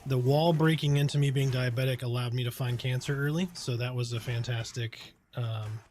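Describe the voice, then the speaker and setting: A man's voice: mid-range voice, a little fast, a little hiss or hum. A man streaming a game, chatting casually with his viewers and answering their questions while he plays. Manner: relaxed, chatty, reads and answers chat while focused on the game. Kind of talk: casual live-stream chat while playing.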